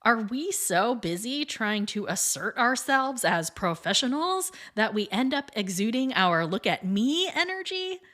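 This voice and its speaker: A woman's voice: fairly high pitch, big pitch swings, unhurried, few pauses, a bit bright. A woman hosting her own podcast in a scripted monologue, chatty and upbeat, with frequent light laughs. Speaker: podcast host and piano teacher.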